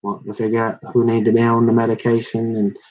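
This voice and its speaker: A man's voice: medium pitch, monotone, fast. A middle-aged man rambling in a folksy, confrontational monologue full of slang, recorded on a dull lo-fi mic. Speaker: vlogger.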